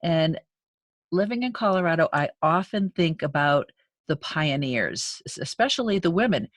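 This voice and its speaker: A woman's voice: sits low, expressive, normal speed, no room sound. Podcast host, woman, thoughtful questions, dry close sound. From South Shore of Boston, US. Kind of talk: casual interview.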